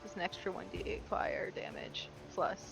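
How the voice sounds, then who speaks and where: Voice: medium pitch, huge pitch swings, moderate pace, vocal fry. A player in a tabletop game, eager and chatty, often restarting sentences. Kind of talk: casual tabletop play. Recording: dull lo-fi stream audio with faint music.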